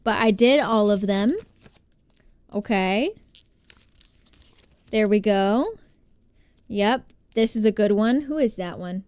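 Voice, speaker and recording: A woman's voice: medium pitch, slow, long pauses, a little mellow, clear, resonant tone, no room sound. A woman with an American accent, chatting casually on a live stream, bubbly and greeting viewers by name. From United States.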